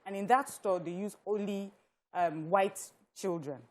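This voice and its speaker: A woman's voice: medium pitch, unhurried, darkish tone. A Nigerian woman speaking as a TV talk show panelist, making her points with animation. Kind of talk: studio panel discussion.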